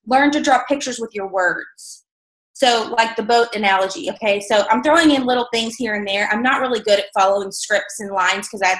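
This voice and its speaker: Middle-aged woman, motivational speaker, chatty and candid, slightly high voice, echoey hall. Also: a bit bright. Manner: chatty, candid, self-deprecating, many fillers. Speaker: motivational speaker at a sales team event. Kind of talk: conversational motivational talk.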